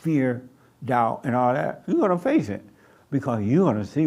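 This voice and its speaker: Gravelly older man preaching plainly. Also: mid-range voice, very animated, a little mellow. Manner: slow, plain-spoken, storytelling with acted-out quotes. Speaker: pastor. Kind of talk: sermon answering questions. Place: church meeting room.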